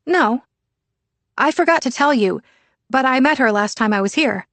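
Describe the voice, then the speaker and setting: A sulky, whiny teenage girl from a thriller audiobook, as a woman narrator puts her on. She talks higher and louder than the surrounding narration, with a petulant edge. The sound is dry and close, with no room around it. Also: lively intonation, normal speed, no room sound. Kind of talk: audiobook character voice.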